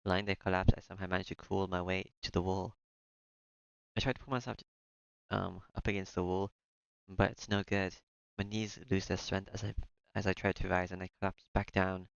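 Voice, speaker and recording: A man's voice: low voice, level tone, moderate pace, gravelly, dry recording, lo-fi sound. A man reading a visual novel aloud in the first person, breaking off now and then for joking asides. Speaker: let's-play streamer.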